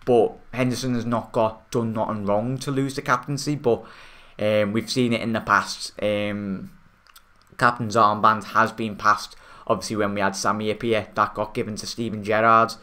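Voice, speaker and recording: A young man with a Liverpool Scouse accent hosts a casual football fan live stream. He talks in a rambling, chatty way, full of fillers and restarts, calling his viewers mate. His voice sits on the low side but has a bright, forceful edge. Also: little pitch movement, moderate pace. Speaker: football fan channel host. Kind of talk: casual live-stream chat reading comments.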